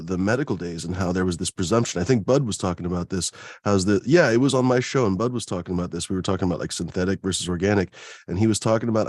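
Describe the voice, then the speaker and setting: A low-voiced man hosts a podcast and talks quickly in a loose, chatty way, now and then with a curse. He is recorded close and dry, with no room sound. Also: a little mellow, no room sound. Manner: fast, chatty, profane. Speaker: podcast host. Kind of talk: casual chat.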